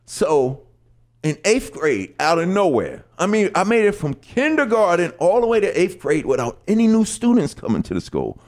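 Animated high-voiced New man storytelling. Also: moderate pace. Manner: animated, acts out lyrics and voices. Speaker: guest storyteller.

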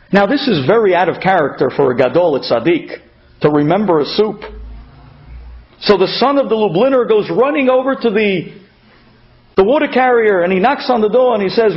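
A man telling an inspirational story as a speaker, animated, acting out voices in the quotes. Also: high-pitched, a little fast, highs cut off. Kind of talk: storytelling talk.

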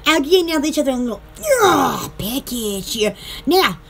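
A woman's voice: sits high, sing-song, normal speed, a bit bright. A woman with a Southern US accent, from Alabama, chatting on a live stream to sell from her shop, giggly and rambling. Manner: giggly, rambling, easily distracted. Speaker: online shop seller. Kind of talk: casual live-stream chat.

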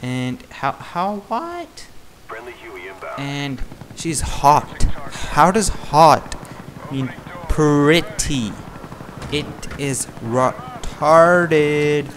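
A man's voice: on the high side, very slow, a bit bright, slight background noise. A man ranting in a rambling, indignant way over gameplay footage, peppering his talk with "like". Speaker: gaming channel host.

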